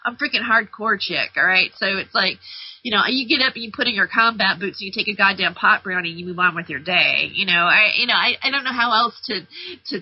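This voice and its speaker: A woman's voice: medium pitch, slightly rough, no echo. A middle-aged woman hosting a talk radio show, rambling bluntly and casually with lots of fillers and restarts. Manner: brash, blunt and loose, full of fillers and restarts. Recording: slightly dull lo-fi sound.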